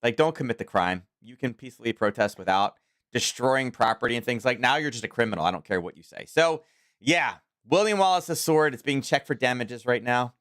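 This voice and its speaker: A man's voice: medium pitch, animated, fairly quick, fairly bright tone, no room sound, studio quality. A man from Maryland hosting a live trading stream, talking in a casual, rambling way with many fillers and restarts. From Maryland, USA. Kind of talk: casual live market commentary.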